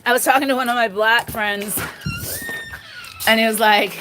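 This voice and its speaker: A woman's voice: a little high, fairly even intonation, moderate pace, noisy background. A woman vlogging outdoors in her garden on a handheld phone, rambling casually and laughing often. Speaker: vlogger showing her pet pig and garden. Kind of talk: casual chat.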